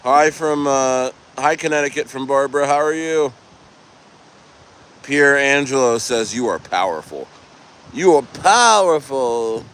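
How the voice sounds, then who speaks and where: Streaming live from outdoors by the coast with faint traffic humming behind him, a crypto livestreamer reads his chat and rambles through answers. He laughs easily, trails off and restarts sentences, and speaks at an everyday middle pitch that sounds a bit bright.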